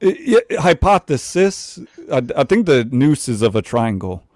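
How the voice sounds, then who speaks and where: A man hosting a casual livestream chat, loose and joking, talking in quick bursts. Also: mid-range voice, big pitch swings, darkish tone, no echo, studio quality, faint music behind. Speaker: livestream host.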